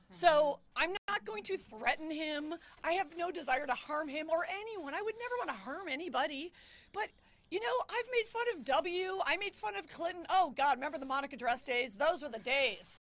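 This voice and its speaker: Brief: woman in her fifties, comedian at a press conference, high voice, wry, self-mocking, nervous. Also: lively intonation, normal speed, fairly bright tone, a little hiss or hum. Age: 50s.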